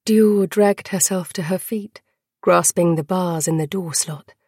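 Woman narrator, audiobook: slow, hushed, dramatic, husky and lowish. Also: no room sound, studio quality.

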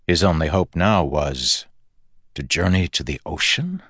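A male narrator with a very deep, low-set voice reads at an unhurried, measured pace, shaping each sentence with expressive, animated intonation. The recording is close and dry, with no room sound around him. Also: dry recording. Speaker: audiobook narrator. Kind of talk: scripted narration.

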